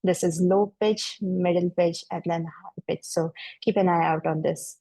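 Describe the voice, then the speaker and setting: A woman presents research in a webinar, steady and explanatory as she moves from slide to slide. Her voice sits fairly low and mellow, with a gravelly edge of fry. The recording is dry and close, with no room sound. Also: no echo, rough recording. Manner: measured, explanatory, walking through slides.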